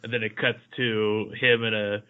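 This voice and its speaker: A man's voice: fairly low pitch, little pitch movement, normal speed, smooth. A young man co-hosting a podcast, laid-back and hesitant, laughing a lot, with dull lo-fi audio. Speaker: podcast co-host. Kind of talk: casual chat.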